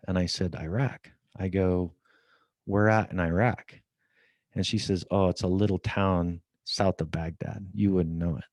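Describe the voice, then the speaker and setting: A man's voice: low voice, no echo. A middle-aged man, a podcast guest, telling a story and acting out the dialogue from it. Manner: lively storyteller, acts out quoted dialogue. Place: office at company headquarters.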